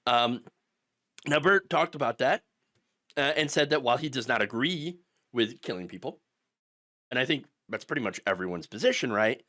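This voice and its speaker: A man's voice: medium pitch, expressive, moderate pace, long pauses, bright, forceful tone. A middle-aged man ranting through political commentary, sarcastic and mocking, sometimes putting on the voices of his opponents.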